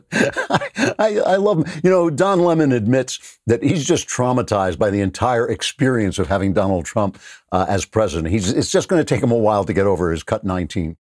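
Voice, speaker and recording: A man's voice: on the low side, animated, moderate pace, no echo. Sardonic man hosting a political talk show. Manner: mocking, laughing, then forceful and emphatic. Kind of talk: sarcastic political commentary.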